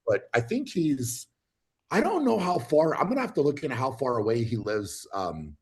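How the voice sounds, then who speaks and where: A man talking easily as a guest on a livestream. His voice sits at an ordinary middle pitch. He speaks in a loose, halting way, full of fillers and restarts. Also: very animated, a little mellow. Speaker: guest athlete. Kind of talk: casual livestream chat.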